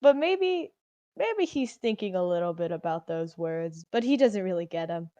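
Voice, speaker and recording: A woman's voice: on the low side, expressive, moderate pace, mellow, dry recording, muffled recording. A woman playing a tabletop game who muses about her character in a tentative, casual way. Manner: musing, tentative. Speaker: player.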